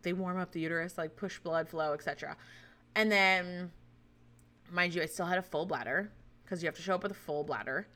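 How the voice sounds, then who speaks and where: A woman with a bright, forceful voice tells a personal story in a loose, casual way. She is candid and chatty, swears freely and laughs often. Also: mid-range voice. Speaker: vlogger recounting a personal experience.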